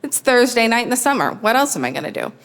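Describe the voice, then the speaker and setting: Wry woman storyteller, lively pitch. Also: fast talker. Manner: wry, self-mocking, animated. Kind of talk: live comic storytelling. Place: storytelling stage in a hall. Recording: long hall reverb.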